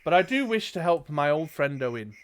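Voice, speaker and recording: Man voicing an old tired wizard, calm grave delivery, slightly high-pitched, casting note. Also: a little fast. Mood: calm, weary.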